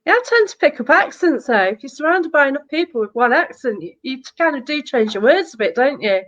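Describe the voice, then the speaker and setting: Host: British woman, high bright voice, friendly and chatty, dull lo-fi stream audio. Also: lively intonation, fairly quick. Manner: friendly, laughs often, greets viewers. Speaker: podcast host. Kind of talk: casual live podcast chat.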